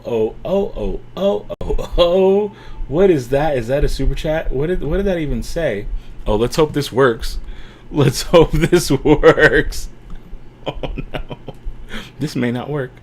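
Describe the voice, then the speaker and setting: A man hosting a casual livestream from a room at home, chatty and rambling with bursts of excitement. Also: mid-range voice, a little hiss or hum. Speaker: livestream host. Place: home room with a TV behind him.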